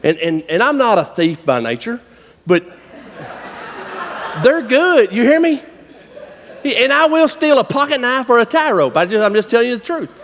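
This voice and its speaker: A man with a Southern US accent, preaching a sermon as a folksy, animated storyteller. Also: very high voice, moderate pace, pauses often. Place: church hall. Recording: long reverb of a large hall.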